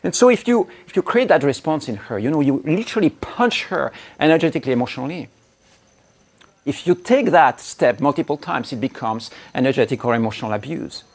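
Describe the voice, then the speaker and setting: A man's voice: medium pitch, animated, a little fast, breathy edge. A man giving blunt relationship coaching straight to camera, cursing and speaking with strong emphasis. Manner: blunt, emphatic, swears freely, acts out angry quotes. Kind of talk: direct-to-camera coaching talk.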